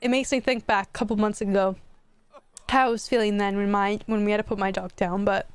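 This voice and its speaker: A woman's voice: medium pitch, fairly even intonation, brisk, smooth. A young woman casually commenting on her gameplay, chatty and emotional, talking straight to her viewers. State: tearful, near crying. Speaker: gaming YouTuber.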